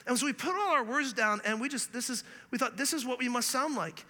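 A man from Canada preaching a sermon as a pastor, earnest and animated, telling stories with humor. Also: very high-pitched, brisk, hardly any pauses. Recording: long reverb of a large hall.

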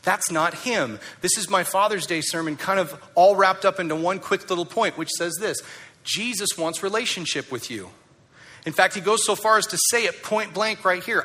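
A male pastor preaching a sermon, emphatic and conversational, asking the congregation rhetorical questions and dropping soft on key lines. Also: high-pitched, normal speed.

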